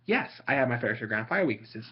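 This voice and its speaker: A man's voice: medium pitch, lively intonation, fast, highs cut off, slight background noise. A man vlogging in a casual, exasperated rant, sarcastic and swearing freely. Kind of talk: casual ranting monologue.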